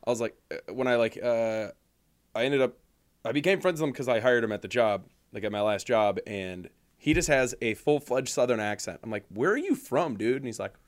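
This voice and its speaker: A man's voice: mid-range voice, expressive, brisk. A man from Michigan chatting with friends, telling stories and swearing freely. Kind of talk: casual group chat.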